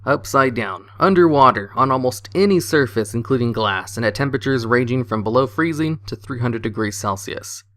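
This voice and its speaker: A man reading a list of jokes aloud with an even, steady storytelling manner. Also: medium pitch, fairly quick, few pauses, no room sound, clean studio sound. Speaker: narrator of jokes.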